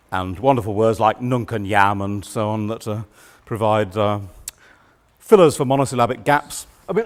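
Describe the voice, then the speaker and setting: A man giving a lecture on writing verse, measured and explanatory with a dry humor. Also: medium pitch.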